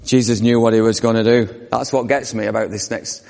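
A man's voice: fairly low pitch, fairly even intonation, brisk, creaky, a little mellow. A man preaching a sermon, telling the story vividly and asking the congregation questions. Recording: long reverb of a church hall.

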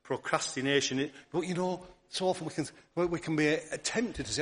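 A man preaching a sermon, earnest, often repeating words and restarting, dropping softly on key words. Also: on the high side, brisk. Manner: drops to a soft near-whisper on key words.

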